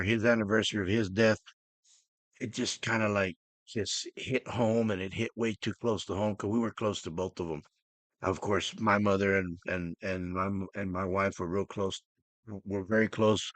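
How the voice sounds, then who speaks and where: A middle-aged man hosting his own podcast, talking earnestly and emotionally with halting restarts. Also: lowish voice, a bit bright, no room sound. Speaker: podcast host. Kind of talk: personal podcast monologue.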